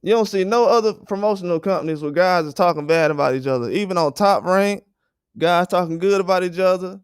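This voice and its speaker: A man's voice: high-pitched, a little fast, smooth, dry recording. Male livestream host, fired-up and profane, clean resonant tone with a dry close sound. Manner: blunt, profane, indignant. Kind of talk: heated livestream rant.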